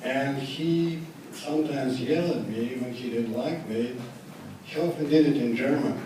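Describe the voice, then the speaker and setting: A man's voice: mid-range voice, a little slow, mellow. A man with a Russian accent giving a joking, rambling wedding speech, recorded from afar in a large hall. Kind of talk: wedding toast, storytelling. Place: large indoor hall at a party. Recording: echoey hall from far off, crowd noise.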